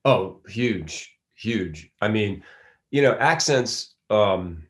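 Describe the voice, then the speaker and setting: Very deep-voiced man telling stories. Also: animated, drawn-out words. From Philadelphia, US. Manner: rambling storyteller, many restarts. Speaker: actor guest. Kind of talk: casual interview talk.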